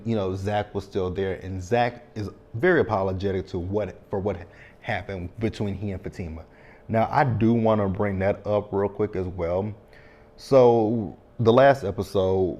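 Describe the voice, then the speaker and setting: A man in his thirties talks through a TV episode in a casual vlog recap, his voice sitting slightly low. He speaks frankly and keeps checking in with tag questions as he goes. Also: dark tone. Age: 30s. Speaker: TV show recap reviewer.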